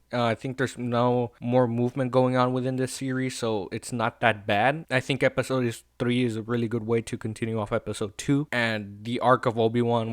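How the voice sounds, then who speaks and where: A man talks through a TV episode in a loose, chatty way, leaning on "you know" and "like" and swearing freely. His voice sits at an ordinary middle pitch. The recording is dry and close, with no room sound. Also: no room sound. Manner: loose and profane, full of fillers like "you know" and "like"; animated retelling of scenes. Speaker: show host reviewing TV episodes. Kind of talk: casual review commentary.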